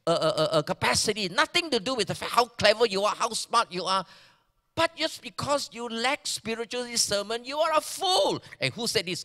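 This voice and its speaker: A Malaysian male pastor preaches in a bright, high, very lively voice, taking his time over each phrase. He moves from loud emphasis to hushed, almost whispered asides. The sound carries the long reverb of a church hall. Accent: Malaysian English. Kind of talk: sermon.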